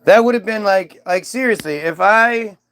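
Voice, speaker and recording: High-voiced rambling male streamer. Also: moderate pace, a bit bright. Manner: rambling, profane, reads aloud from screen. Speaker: livestream host. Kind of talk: rambling livestream monologue.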